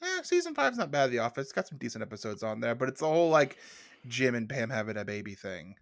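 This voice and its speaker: A man's voice: mid-range voice, fast, vocal fry, dry recording, clean studio sound. Tired man rambling on a podcast. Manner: rambling, deadpan storytelling. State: tired, yawning. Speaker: podcast co-host. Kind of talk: casual podcast banter.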